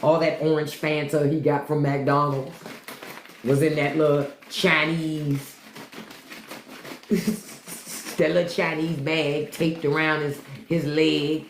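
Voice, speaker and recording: A woman's voice: deep voice, little pitch movement, slow pace, pauses often, slight background noise. A woman hosting a live stream, ranting bluntly and profanely and mocking the people in her chat. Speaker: podcast host on a live stream. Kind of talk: unfiltered live-stream rant. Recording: echoey room.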